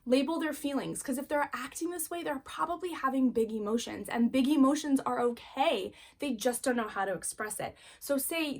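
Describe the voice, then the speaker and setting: A woman's voice: fairly high pitch, moderate pace, hardly any pauses. Earnest woman teaching a parenting lesson. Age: adult parent. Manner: earnest, encouraging, repeats key phrases. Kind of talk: casual spoken lesson.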